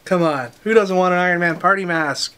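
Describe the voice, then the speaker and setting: A man with a notably high voice runs through the week's comic arrivals in a casual unboxing style. He lists the releases one after another at a brisk clip and drops in short offhand comments between titles. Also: pushed and bright, a little hiss or hum. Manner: brisk title-by-title listing with quick asides. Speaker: comic shop host presenting new releases.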